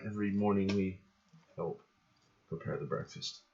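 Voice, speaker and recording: A man voicing a weary little gnome prisoner who speaks in halting, unsure bursts in a tabletop game. The voice sits very low and the audio is dull and lo-fi. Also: creaky, a little mellow. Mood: hesitant. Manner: hesitant, halting.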